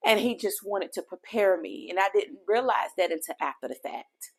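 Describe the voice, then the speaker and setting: A woman's voice: medium pitch, expressive, normal speed. A woman podcast host telling a personal faith testimony in an earnest, heartfelt way, speaking directly to her listeners.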